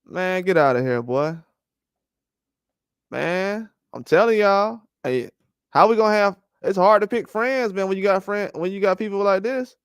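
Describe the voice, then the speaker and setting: Male boxing host, high smooth voice, dry close sound, loose rambling trash talk. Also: unhurried, no echo. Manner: animated, rambling trash talk with frequent laughs. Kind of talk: casual boxing commentary livestream.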